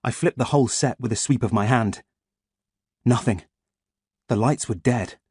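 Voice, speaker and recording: A man reading an audiobook as first-person scripted narration, in a lively, expressive way. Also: medium pitch, normal speed, slightly rough, no echo, studio quality.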